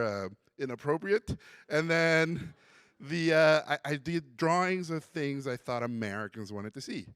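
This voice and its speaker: Animated storytelling man from Mexico. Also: a little high, clean tone, no echo, studio quality. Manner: animated storyteller who acts out quotes. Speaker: conference speaker. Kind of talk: storytelling keynote talk. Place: conference hall.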